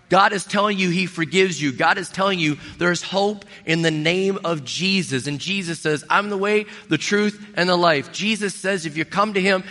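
A man preaching a sermon in a bright, forceful voice that sits a little high for a man. He is an earnest, middle-aged pastor who pleads with his listeners and repeats his key phrases. His words ring out with a long church-hall reverb.

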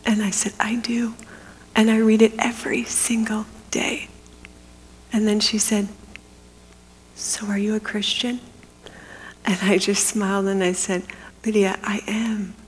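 A middle-aged woman giving a testimony as a sermon, telling her story earnestly and dropping into a hushed whisper for the quiet moments. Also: mid-range voice. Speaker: women's ministry speaker. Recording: long hall reverb.

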